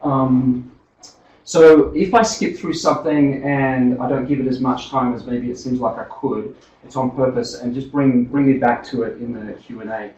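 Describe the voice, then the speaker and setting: A man's voice: medium pitch, steady tone, normal speed, a little mellow. A man with an Australian accent drifting toward American, giving a seminar talk in a chatty way with many fillers and restarts. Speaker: seminar speaker. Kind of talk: academic talk. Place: seminar room. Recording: roomy lecture hall from far off, dull.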